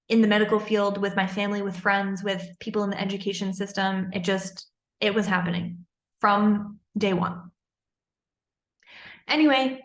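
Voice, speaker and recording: A woman's voice: mid-range voice, a bit bright. Woman telling her own story straight to camera, earnest and intense, bit of room echo. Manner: candid, earnest, intense retelling. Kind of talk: personal storytelling monologue.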